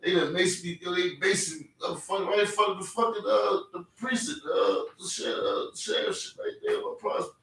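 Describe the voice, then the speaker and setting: A man's voice: sits high, animated, brisk, creaky, a bit bright, a little hiss or hum. A man telling a personal story in casual talk, rambling in street slang and checking in with "you feel me" again and again. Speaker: podcast host. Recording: echoey room, mic at a distance.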